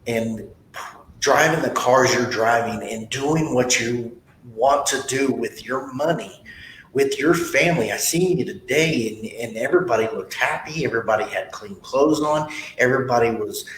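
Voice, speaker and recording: A man hosting a podcast interview, talking bluntly and motivationally with stories from his own life. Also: fairly bright tone. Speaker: podcast host, sales trainer. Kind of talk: casual interview talk. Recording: echoey room with faint rumble.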